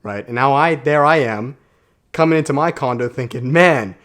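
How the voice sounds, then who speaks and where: A young self-development vlogger talks casually to the camera from a quiet condo room, telling a story with energy and slang. His voice is medium-pitched at a normal speed.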